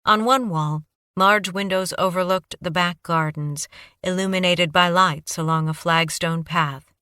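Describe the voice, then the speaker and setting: A woman narrating an audiobook in steady first-person storytelling. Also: lowish voice, unhurried, clean tone, no room sound, clean studio sound.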